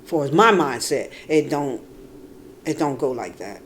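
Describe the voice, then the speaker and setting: Woman vlogger, rambling storyteller, swears a lot, very lively pitch swings, loud laughing outbursts. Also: normal speed, slight background noise. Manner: swears freely. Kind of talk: casual storytelling.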